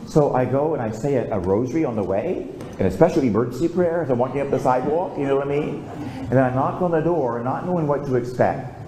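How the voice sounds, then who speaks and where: A priest giving a homily, telling a story with lively, conversational preaching and calling out for amens, in a church. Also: male voice, medium pitch, fast talker, a little hiss or hum. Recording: echoey church.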